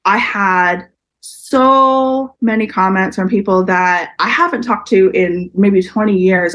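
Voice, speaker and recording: A woman's voice: medium pitch, measured pace. A woman in her forties candidly sharing a personal story in an interview, often acting out what others said. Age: 40s. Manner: open, emotional, quotes others in lively voices. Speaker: podcast guest.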